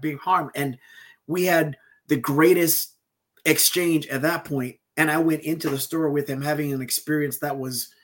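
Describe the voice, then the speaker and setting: A man with a somewhat high, husky voice tells a story in a relaxed podcast conversation. He acts out the quoted lines with animation, shifting his delivery for each person he quotes.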